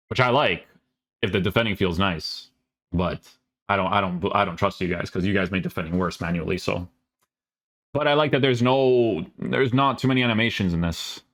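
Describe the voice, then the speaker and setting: A man's voice: fairly low pitch, normal speed, pauses often, a bit bright. A man reading game update notes aloud and reacting to them in a casual, sarcastic way. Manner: casual, sarcastic asides, many fillers. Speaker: gaming YouTuber.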